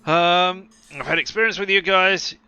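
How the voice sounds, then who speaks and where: Bright-voiced wry male streamer. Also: high voice, normal speed, clean tone, lo-fi sound, faint music behind. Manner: wry, joking. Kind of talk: casual game commentary.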